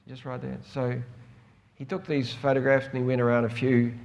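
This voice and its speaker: A man's voice: medium pitch, little pitch movement, moderate pace, vocal fry, a little mellow. Older male preacher, storytelling sermon, voice lifts with emotion. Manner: storytelling, rising with emotion in quoted dialogue.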